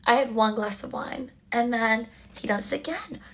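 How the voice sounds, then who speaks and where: A young woman casually telling a storytime while getting ready, chatty and exasperated, dropping to a low mutter for asides. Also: normal speed, a bit bright.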